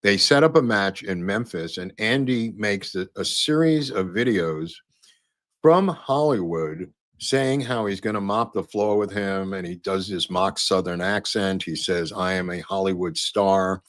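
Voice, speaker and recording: A man's voice: lowish voice, measured pace, a bit bright, dry recording. A man hosting a podcast, talking casually over photos and clips in a rambling way with many fillers and restarts. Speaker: podcast host.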